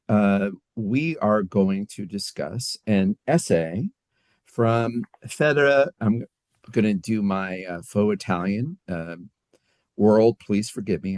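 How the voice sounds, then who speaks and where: A man with a low voice co-hosts a podcast in relaxed conversation. He speaks haltingly, padding his sentences with fillers. The sound is dry and close, with no room echo. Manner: halting, filler-heavy delivery. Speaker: podcast co-host. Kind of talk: casual chat.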